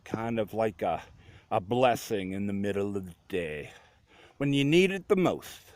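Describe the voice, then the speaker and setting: A woman's voice: extremely low pitch, lively intonation, unhurried, a little mellow, pitched below the performer's own voice. A man voicing a small, sweet-talking Southern woman from Georgia who speaks in an affectionate drawl. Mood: wistful.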